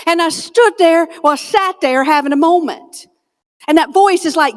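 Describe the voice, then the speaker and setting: High-voiced woman telling comic stories on stage. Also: moderate pace. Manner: folksy, self-deprecating, punchline delivery. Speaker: keynote speaker. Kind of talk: comedic motivational keynote storytelling. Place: conference stage before a live audience.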